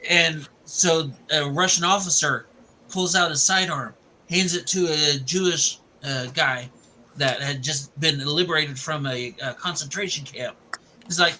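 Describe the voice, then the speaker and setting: A man's voice: a little high, measured pace, bright, forceful tone, a little hiss or hum, poor audio. A man casually retelling the plot of a film, rambling and restarting as he goes.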